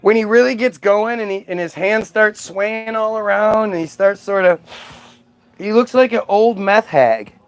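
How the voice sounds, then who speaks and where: High-voiced man ranting sarcastically. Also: unhurried, clean tone. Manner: profane, sarcastic, exasperated. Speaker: vlogger. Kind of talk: casual ranting monologue.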